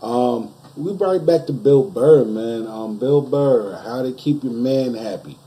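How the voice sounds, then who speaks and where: A man's voice: medium pitch, unhurried, warm tone, a little hiss or hum. A man hosting a reaction video, talking casually with slang and a laid-back manner.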